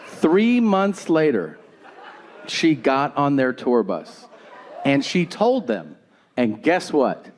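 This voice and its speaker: Comedian guy telling a story quick and low-key, crowd and noise in the room. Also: sing-song. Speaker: stand-up comedian. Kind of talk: stand-up storytelling. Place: comedy club before a live audience. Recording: live stage mic with audience and room noise.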